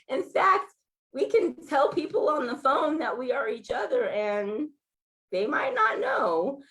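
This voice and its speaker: A woman in her forties from Los Angeles, telling a personal story to a gathering in a conversational, animated way. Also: fairly high pitch, unhurried. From Los Angeles, California. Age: 40s. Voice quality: sounds like a Valley girl. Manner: conversational, animated storytelling with laughs and acted quotes. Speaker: featured speaker.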